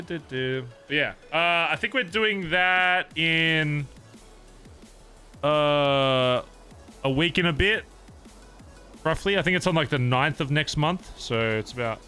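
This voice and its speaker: Male streamer, casual rambling chat, swears a lot, bright forceful voice, faint music behind. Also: fairly high pitch. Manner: rambling, frequent swearing and fillers.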